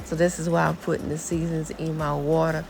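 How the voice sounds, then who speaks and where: A woman's voice: low voice, flat delivery, brisk, gravelly, background noise. A woman narrating her home cooking for viewers in a chatty, casual way, calling them y'all. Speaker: cooking vlogger.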